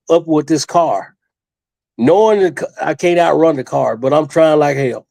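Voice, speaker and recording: An older man with a somewhat high, gravelly and mellow voice tells a wrestling-days story as a studio guest. He rambles, circles back on his own words and leans on each point with emphasis. The sound is dry and close. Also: no room sound. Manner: rambling and emphatic, with many restarts and repeated phrases. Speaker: interview guest, retired wrestler.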